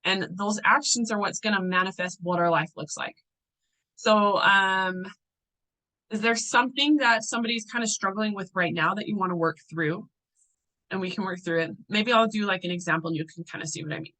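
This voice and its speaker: A woman's voice: mid-range voice, brisk, bright, forceful tone, rough recording. A young adult woman coaching a group in a casual teaching talk. She sounds chatty and loose, with fillers and restarts.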